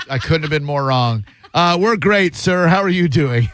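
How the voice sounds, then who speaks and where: A man's voice: on the high side, expressive, measured pace, background noise. A man hosting a call-in radio show, talking in a wry, joking and opinionated way into a studio microphone.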